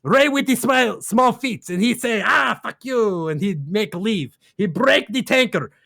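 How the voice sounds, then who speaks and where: A man's voice: sits high, lively intonation, unhurried, creaky, fairly bright tone, no room sound, clean studio sound. A man casually recapping a game plot on a stream, rambling in broken grammar with lots of fillers and laughs.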